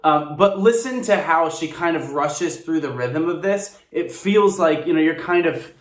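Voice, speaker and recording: Guy breaking down a singer's technique on his phone, eager and chatty, kinda high voice, roomy echo and a bit far off. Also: animated, measured pace. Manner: analytical, enthusiastic, apologetic asides. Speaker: actor reacting to a song. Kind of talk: reaction and vocal analysis. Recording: echoey room, a little off the mic.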